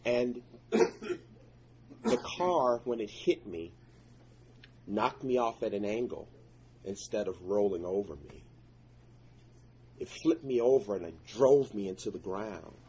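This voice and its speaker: Low-voiced man telling an intense personal story. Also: lively intonation, takes it slowly, long pauses, darkish tone, dull audio, a little hiss or hum. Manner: earnest, intense storytelling with prayerful exclamations. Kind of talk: personal story told to listeners.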